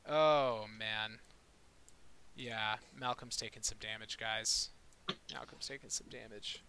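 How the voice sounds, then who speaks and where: A man's voice: on the low side, flat delivery, moderate pace, gravelly, pushed and bright, slight background noise. A man running a tabletop game as dungeon master, narrating combat in a casual, rambling way. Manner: casual, rambling, with fillers and restarts.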